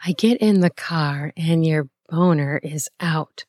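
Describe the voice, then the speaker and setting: In a slightly low, breathy, playful voice, a woman unhurriedly narrates a first-person erotic tale full of intimacy. Soft gasps and laughs punctuate her delivery. Captured up close, the audio is dry and free of any room sound.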